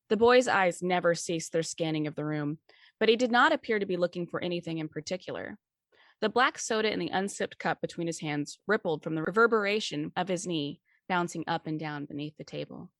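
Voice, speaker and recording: A woman reads a suspense story aloud in a steady, measured narration. Her voice sits on the low side, and the recording is dry and close with no room sound. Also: dry recording. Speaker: story reader. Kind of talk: scripted narration.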